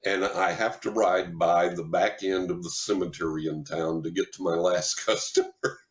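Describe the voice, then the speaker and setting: A man with a fairly low voice tells a story as a podcast guest. He is animated and acts out the voices of the people in it. His voice carries a noticeable room echo. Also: moderate pace. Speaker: psychic medium guest. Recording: roomy echo.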